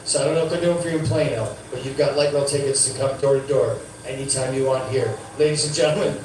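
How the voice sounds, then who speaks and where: A man's voice: medium pitch, steady tone, quick pace. A man hosting a comedy night, telling loose, chatty stories and joking as he introduces acts. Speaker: comedy show host. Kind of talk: emceeing and stand-up. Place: comedy club stage. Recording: echoey club, distant mic, room noise.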